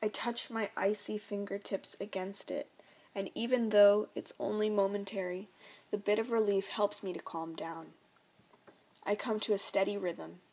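A young woman reading her own memoir aloud in a quiet, reflective way. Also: mid-range voice, steady tone, normal speed.

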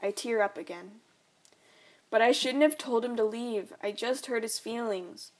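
A young woman narrating her own story in the first person, soft and reflective. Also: fairly high pitch, a little slow.

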